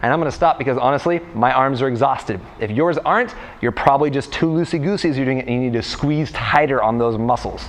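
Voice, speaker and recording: A young man coaching warm-up exercises in a casual, joking way while demonstrating the moves. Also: mid-range voice, fast talker, few pauses. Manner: playful, jokey, talks while exercising. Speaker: freerunning coach.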